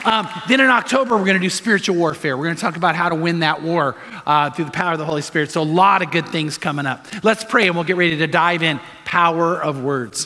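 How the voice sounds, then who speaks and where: High, bright-voiced male pastor in a reverberant hall. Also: quick pace, hardly any pauses. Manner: animated storytelling with frequent fillers and restarts. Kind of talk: sermon. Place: church sanctuary.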